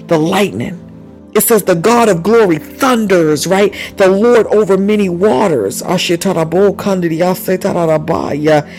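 His voice is high-pitched and a little mellow, heard through poor audio. He preaches a charismatic sermon with fervor and repetition, frequently crying out in praise and at times speaking in tongues.

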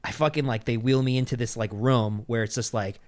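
A young man tells a rambling, profane story in easy podcast chat at a middle pitch. His delivery is loose, with constant filler words, and he breaks into laughter as he talks. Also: a little fast, a little mellow. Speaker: podcast regular telling a story. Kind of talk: casual chat.

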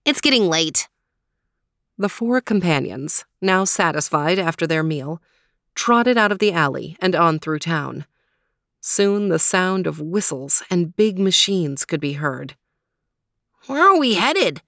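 A woman narrating a children's storybook in a steady, measured way. Her voice sits low, and the recording is dry and close, with no room sound. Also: no echo. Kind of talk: storybook reading.

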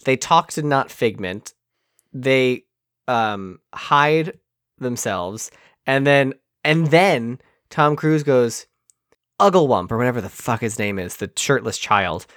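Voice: medium pitch, expressive, takes it slowly, a bit bright, dry recording, studio quality. A podcast co-host recapping a movie in casual chat, sarcastic and profane, acting out the scenes.

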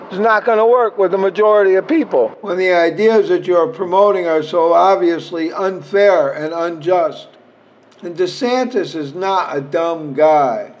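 A man's voice: sits high, poor audio. A man hosting a podcast, giving opinionated, blunt political commentary in a conversational way. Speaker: podcast host.

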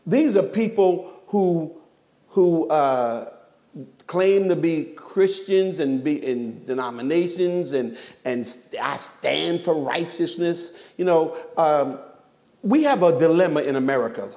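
A man's voice: a little high, expressive, takes it slowly, dark tone. A man preaching a sermon as pastor, emphatic, firing off rhetorical questions and dropping joking asides.

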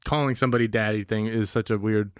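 A young man co-hosting a podcast, telling stories quickly and acting out what people said. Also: lowish voice, clear, resonant tone, no echo, clean studio sound. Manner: fast, animated storytelling with quoted voices. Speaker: podcast co-host. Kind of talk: casual podcast chat.

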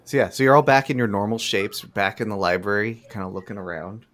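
A man running a tabletop game as game master, narrating in a relaxed way with chuckles. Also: fairly low pitch, a little fast. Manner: relaxed, loose with fillers and chuckles.

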